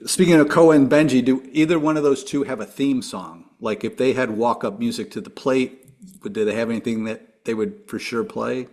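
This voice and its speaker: A man hosting a podcast, asking his guest questions in a friendly, steady way. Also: mid-range voice, moderate pace. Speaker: podcast host.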